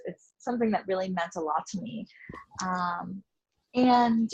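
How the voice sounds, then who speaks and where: A woman in her thirties speaks in a husky, breathy voice at a middling pitch, earnest and reflective, with lots of "you know" and repeated words. She is a life coach talking over a headphone mic on a video call, and the call audio glitches now and then. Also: low-quality recording. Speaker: life coach, interview guest. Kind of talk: casual conversational interview.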